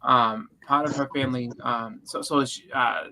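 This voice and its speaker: A man's voice: mid-range voice, steady tone, moderate pace, vocal fry, sharp tone, a little hiss or hum. A man in his thirties chatting casually in a group, rambling and repeating words as he gets his thoughts out.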